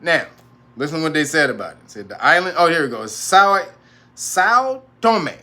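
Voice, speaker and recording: A man's voice: medium pitch, bright, forceful tone. A man hosting a casual livestream monologue, rambling and profane, laughing often between remarks. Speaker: host.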